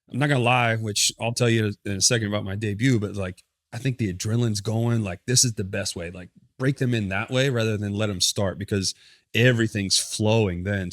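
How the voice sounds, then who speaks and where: A man guesting on a podcast, telling animated stories about his baseball career in a casual, profane way. He often stops to correct himself. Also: fairly low pitch, no room sound, clean studio sound. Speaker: podcast guest, former pitcher. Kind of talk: casual storytelling interview.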